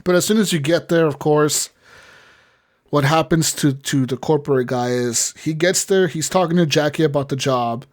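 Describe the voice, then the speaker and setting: A man's voice: fairly high pitch, moderate pace. Man rambling through a game recap. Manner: rambling, profane retelling. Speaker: podcast co-host. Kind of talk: casual podcast chat.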